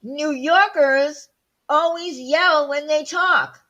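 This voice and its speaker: A brash, defensive New Yorker woman who insists she isn't yelling, pitched well up and dragged out slowly in a mocking tone, as a woman mimics her. Every word is leaned on with exaggerated emphasis. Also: highs cut off, exaggerated voice.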